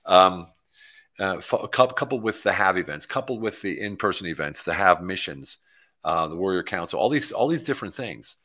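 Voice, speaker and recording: A middle-aged coach hosts a casual livestream, reading out viewer comments and chatting excitedly. His voice sits low at normal speed, and he rambles, jumps between topics and hypes his program.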